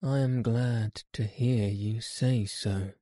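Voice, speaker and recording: A man voicing a calm, gentle detective in a measured audiobook reading. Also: medium pitch, dry recording, clean studio sound.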